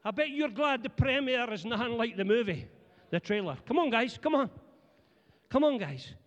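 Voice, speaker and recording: High-voiced Scottish preacher, joking. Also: male voice, normal speed, muffled recording. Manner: animated, joking storyteller addressing the congregation. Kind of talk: humorous sermon. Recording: long church hall reverb.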